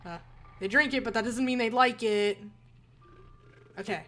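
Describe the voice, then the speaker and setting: A woman's voice: fairly high pitch, moderate pace, a bit bright, faint music behind. A woman streamer playing a game, reading its text aloud with wry asides and frequent laughter. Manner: wry, chatty, laughs often.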